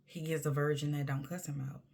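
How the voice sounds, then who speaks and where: Husky woman, candid monologue. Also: low-pitched, flat delivery, a little fast, a little mellow. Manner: emphatic and conversational, dropping to near-whispers. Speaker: vlogger.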